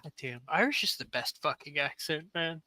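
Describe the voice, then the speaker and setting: A man in casual chat, excitable and swearing often. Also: fairly high pitch, moderate pace, no room sound, poor audio.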